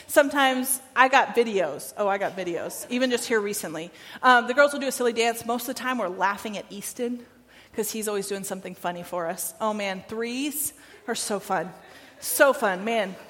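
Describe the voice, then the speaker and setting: High-voiced woman preaching in a hall. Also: a bit bright. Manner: conversational and emphatic, repeats phrases, asks "right?". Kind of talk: sermon. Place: church sanctuary.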